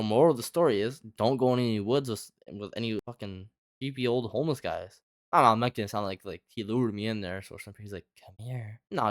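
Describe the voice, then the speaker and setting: Fast rambling young man, dry sound. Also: fairly low pitch, dry recording. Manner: rambling, heavy filler "like", lots of swearing. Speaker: storyteller. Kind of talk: casual storytime chat.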